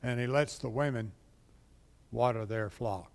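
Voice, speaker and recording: A man's voice: medium pitch, unhurried, gravelly. A man teaching a casual Bible class, chatting and quizzing the class as he goes. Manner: conversational, asks the class questions, acts out quotes. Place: church classroom. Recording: long hall reverb.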